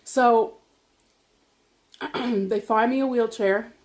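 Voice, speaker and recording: A woman vlogger telling a personal story while eating dinner, chatty and animated, laughing often and swearing casually. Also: a little high, drawn-out words. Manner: animated, talks to viewers directly.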